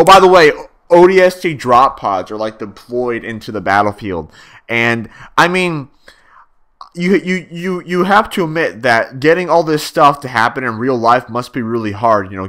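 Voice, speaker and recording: A man's voice: medium pitch, a bit bright. A young man giving a casual spoken video review, rambling with many fillers and restarts and swearing freely.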